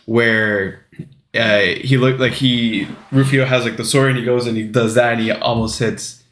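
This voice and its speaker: A man's voice: mid-range voice, flat delivery, moderate pace, a bit bright, reverberant. A man co-hosting a casual movie podcast, talking in a hesitant way with many fillers. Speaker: podcast co-host.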